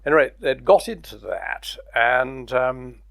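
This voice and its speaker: A man's voice: medium pitch, lively intonation, measured pace, vocal fry, a bit bright, no echo. An older man recalling his career in an oral history interview, telling stories with chuckles. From Britain. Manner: anecdotal, chuckling storyteller.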